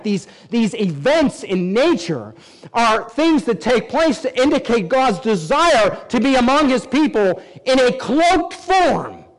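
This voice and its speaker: A man preaching a sermon, reading scripture aloud and swinging between emphatic rises and low, quiet drops. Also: rough recording. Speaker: pastor.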